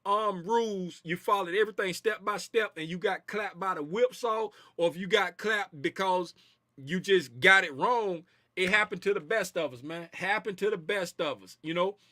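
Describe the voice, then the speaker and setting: High bright-voiced man hosting a trading stream. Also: moderate pace, no echo, studio quality. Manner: loose, slangy, repeats phrases. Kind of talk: casual livestream chat reading viewer comments.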